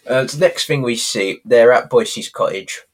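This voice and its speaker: A man's voice: medium pitch, measured pace. Man eagerly retelling TV scenes. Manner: enthusiastic, laughs often, acts out quotes. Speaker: podcast co-host. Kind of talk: casual chat, retelling scenes.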